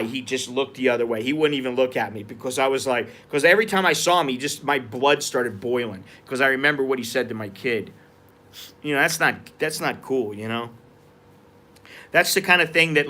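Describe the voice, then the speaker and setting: A man's voice: mid-range voice, sharp tone. A man from the United States telling a story and ranting on a live stream, heated and profane. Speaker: vlogger. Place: outdoors at a market.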